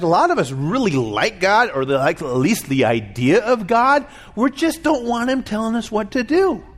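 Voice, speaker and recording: Lively high-voiced male preacher. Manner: conversational preaching, acts out voices in quotes. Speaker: pastor. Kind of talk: sermon.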